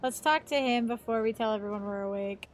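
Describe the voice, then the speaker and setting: A woman's voice: on the high side, brisk. A woman streamer chatting casually on a live stream, swearing freely as she plays.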